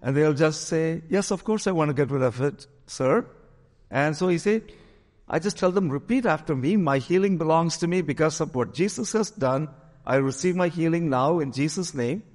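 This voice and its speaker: A man's voice: fairly high pitch, normal speed, a little mellow, long reverb tail. A pastor telling a story in a sermon, acting out the voices of the people he quotes.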